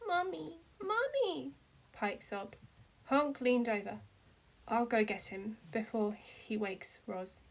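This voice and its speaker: A woman reads fan fiction aloud in an amateur narration, her voice medium-pitched, slow, and fairly even. She keeps the narration steady and raises her voice into cries when characters speak.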